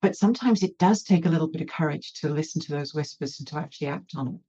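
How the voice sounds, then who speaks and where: Low-voiced woman telling a story. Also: fast, dark tone, slightly rough, muffled recording. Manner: candid, self-mocking storytelling. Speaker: interview guest. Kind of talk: storytelling in conversation.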